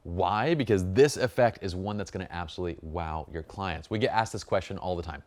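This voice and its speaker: A man's voice: deep voice, fairly quick, hardly any pauses, a little mellow. A man teaching a photography workshop, upbeat and jokey, full of enthusiasm. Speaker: photography instructor. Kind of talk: workshop lesson.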